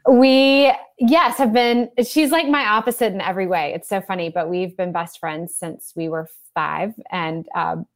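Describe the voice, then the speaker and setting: A woman's voice: mid-range voice, normal speed, hardly any pauses. A woman hosts a casual conversation. She talks in a chatty, easygoing way and fills her sentences with "like" and "um.". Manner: chatty, many fillers like "like" and "um". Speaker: host. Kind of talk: casual chat.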